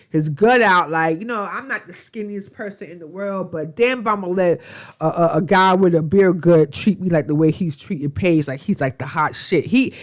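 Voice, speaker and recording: Blunt, gossipy woman reviewer. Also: lowish voice. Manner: blunt, profane, gossipy, rambling. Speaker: TV show reviewer. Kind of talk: casual gossipy review vlog.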